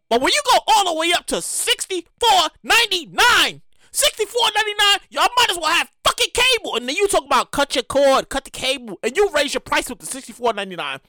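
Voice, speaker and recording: Woman host, high bright voice, swoops up and down, swears and stutters through a comic rant. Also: sing-song, fairly quick, no room sound, studio quality. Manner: emphatic, profane, repeats herself with stammering restarts. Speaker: show host.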